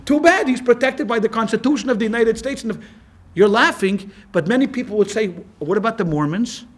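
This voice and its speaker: A male rabbi giving a lecture to a class in a lively, conversational way, with frequent restarts. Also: extremely high pitch, brisk. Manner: animated and conversational, with many restarts. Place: class with a live audience.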